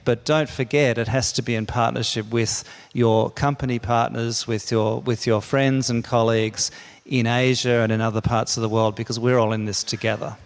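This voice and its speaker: Older man, mid-pitched voice, earnest pleading speech, repeats and restarts. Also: level tone, normal speed, big-room sound. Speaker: keynote speaker. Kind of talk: conference speech.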